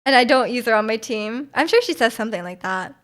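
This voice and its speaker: A woman's voice: on the high side, lively intonation, fast, a bit bright. A young woman streamer chatting casually with her viewers, giggling and rambling as she answers their chat messages. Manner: giggly, rambling, trails off into mumbles.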